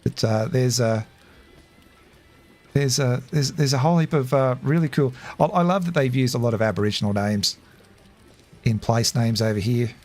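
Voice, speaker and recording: An Australian man of middle age chats loosely while he plays, his voice sitting at an ordinary middle pitch. He wanders from thought to thought, stumbling over restarts and chuckling along the way. A soft music bed runs quietly under him. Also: normal speed, pauses often. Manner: rambling, chatty, laughs often, many fillers and restarts. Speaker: gaming streamer. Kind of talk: casual gameplay commentary.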